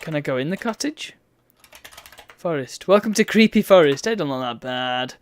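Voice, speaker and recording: A streamer plays through an old adventure game, reading its prompts aloud and adding dry, bemused remarks. The voice is mid-pitched and conversational. Faint noise and keyboard clicking sit behind it. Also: animated, moderate pace. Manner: wry, bemused asides between read-out lines.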